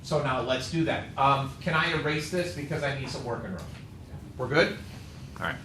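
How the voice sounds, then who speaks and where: A math teacher with a mid-range, fairly bright voice lectures at a moderate pace on calculus, sounding tired as he jokes with students and works through a problem. The recording has classroom echo and faint noise.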